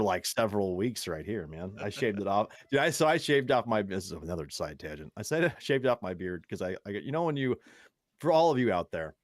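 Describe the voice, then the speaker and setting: A man's voice: low voice, no echo. A young man co-hosting a podcast, chatting casually, rambling through stories, swearing and laughing often. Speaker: podcast co-host. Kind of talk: casual chat.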